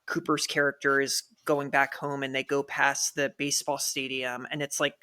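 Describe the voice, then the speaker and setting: A man, a guest on a podcast from the Philadelphia area, talking about a movie in an eager, animated way. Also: medium pitch, moderate pace, clear, resonant tone. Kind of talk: casual podcast chat.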